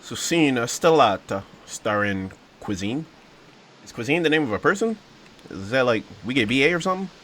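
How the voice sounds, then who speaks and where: A man's voice: medium pitch, big pitch swings, rapid-fire, pushed and bright, a little hiss or hum. Rambling, joking gaming YouTuber man. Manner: rambling, joking, talks to viewers as "bro" and "y'all". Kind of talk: casual let's-play commentary.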